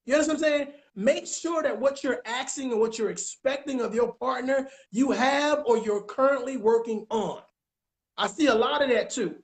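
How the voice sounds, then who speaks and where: A man coaching on relationships in casual chat, emphatic and repetitive, often checking that listeners follow. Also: extremely high pitch. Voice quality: emphatic, repeats phrases, keeps asking if you understand. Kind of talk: casual advice talk.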